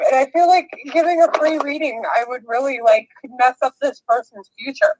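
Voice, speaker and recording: A woman's voice: sits high, normal speed, few pauses, a little mellow, a little hiss or hum, rough recording. A young woman chatting casually during a tarot reading game, hesitant and giggly with nervous rambling. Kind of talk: casual chat.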